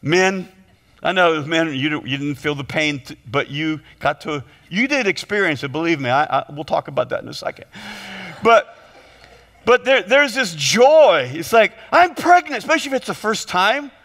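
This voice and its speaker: A man preaching a humorous sermon as pastor, telling stories in an animated way with quick jokes and repeated words. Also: on the high side. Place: church sanctuary. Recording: long hall reverb.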